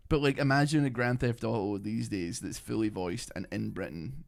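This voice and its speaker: Guy, gaming streamer, mid pitch, faint background hum. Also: normal speed, creaky, darkish tone. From Scotland. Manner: rambling, lots of fillers and laughs. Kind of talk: casual gameplay commentary.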